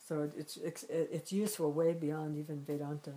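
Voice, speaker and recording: Woman with a deep warm voice, gentle meditation teacher vibe, rephrasing as she goes. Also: little pitch movement, moderate pace, poor audio. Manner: gentle, reflective, repeats and rephrases while searching for words. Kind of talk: spiritual teaching talk.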